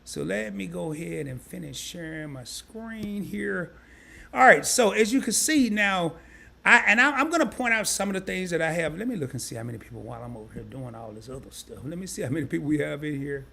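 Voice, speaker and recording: A man's voice: a little high, expressive, fairly quick, gravelly, pushed and bright, slight background noise. A man hosting a live stream, casually breaking things down step by step and often repeating himself. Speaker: crypto live stream host. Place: home setup, sharing his screen.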